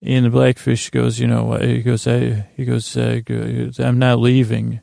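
Gravelly, rambling man recapping a show. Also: medium pitch, completely flat delivery, normal speed, warm tone, no echo, studio quality. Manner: meandering, full of fillers and restarts. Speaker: podcast host recapping a TV episode.

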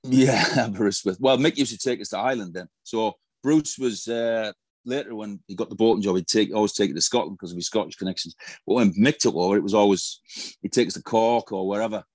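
A man in his fifties tells old football stories in a casual interview, swearing freely. His voice sits low. The sound is dry and close. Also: fairly quick, a little mellow, no room sound. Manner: profane, storytelling, swears constantly. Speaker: former footballer, guest.

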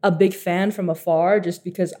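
Animated teenage guy with a mellow voice. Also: sits high, moderate pace. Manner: animated, laughs often, acts out quotes. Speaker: guest artist. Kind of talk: casual storytelling.

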